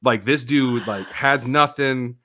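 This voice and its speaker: A man in casual podcast chat, telling a story with animated, loud bursts and laughs. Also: mid-range voice, slow pace, slight background noise.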